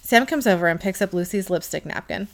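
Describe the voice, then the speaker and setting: A woman's voice: lowish voice, animated, fairly quick. A woman co-hosting a podcast, chatting casually and reading out scenes from an episode, laughing often. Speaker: podcast co-host recapping a TV episode. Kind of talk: casual chat.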